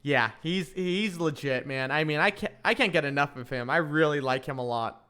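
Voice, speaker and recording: A high, smooth male voice talking casually to his audience during a live stream. He jokes, ribs himself and laughs easily while he runs through the session. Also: normal speed, pushed and bright. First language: English. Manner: chatty, joking, laughs at himself.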